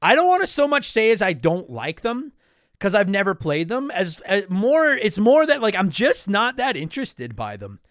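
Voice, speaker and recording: A man's voice: high voice, wildly swooping pitch, moderate pace, fairly bright tone, dry recording, studio quality. A man from Canada hosting a podcast and answering listener mail, rambling and apologizing as he cuts himself off mid-sentence. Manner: rambling, self-interrupting, apologetic. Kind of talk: casual podcast chat.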